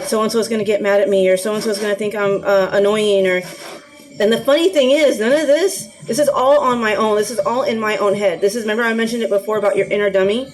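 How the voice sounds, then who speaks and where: A woman's voice: mid-range voice, a little mellow, rough recording. Woman, chatty vlog host, mid-range voice, rambling with fillers, faint music under her. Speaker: anxiety vlogger.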